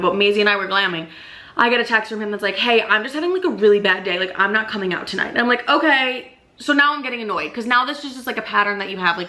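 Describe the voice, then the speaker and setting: A young woman vlogging a casual storytime, animated and full of "like" and swearing. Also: medium pitch. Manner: swears a lot, animated, fills with "like".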